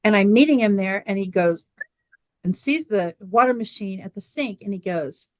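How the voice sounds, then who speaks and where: A middle-aged woman, a guest on an interview show, telling a lively personal story and acting out family dialogue. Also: mid-range voice, moderate pace, no room sound. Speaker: guest, water machine business owner.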